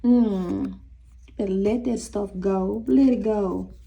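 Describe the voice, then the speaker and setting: A woman's voice: medium pitch, slow, creaky, dark tone, highs cut off. A young woman giving a casual tarot reading, talking straight to viewers in a sassy, teasing way. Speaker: tarot reader.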